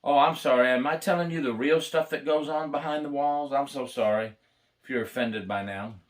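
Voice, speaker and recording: At a normal speed and in a mid-range voice, a retired American corrections officer, an older man, tells stories to the camera. He talks about prison life bluntly and wryly, keeping things casual and plain.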